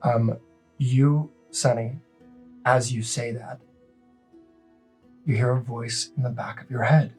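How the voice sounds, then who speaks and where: Slow-talking man narrating a tabletop game. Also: mid-range voice, fairly even intonation, a little mellow, breathy edge, soft background music, rough recording. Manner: slow, descriptive narration with voiced dragons. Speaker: game master.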